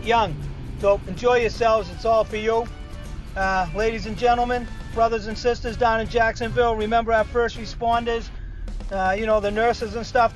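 Middle-aged Boston man, chatty and rambling, fills gaps with "uh" and restarts; high, flat delivery. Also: dull audio. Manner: rambling, many fillers and restarts. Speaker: regular segment contributor. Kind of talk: casual phoned-in update.

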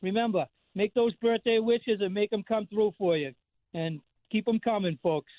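A Boston man in his fifties speaks at normal speed in a high voice, the recording dry and the audio narrow and tinny. As a regular call-in guest on a radio show, he chats casually, rambling through stories with frequent fillers and restarts.

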